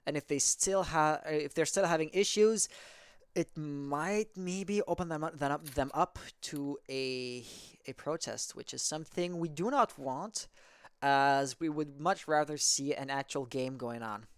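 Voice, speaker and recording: A man's voice: a little high, measured pace, clear, resonant tone, no room sound. A man casting an amateur esports match in a casual, rambling way, often correcting himself mid-sentence. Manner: rambling, self-correcting, chatty. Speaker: esports caster. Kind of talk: casual game commentary.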